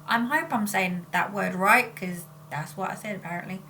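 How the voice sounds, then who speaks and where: A spiritual channeler and vlogger chats casually in her video, rambling and frequently cutting herself off to correct what she said. Her mid-range voice is pushed and bright at a moderate pace, with a little hiss or hum in the audio.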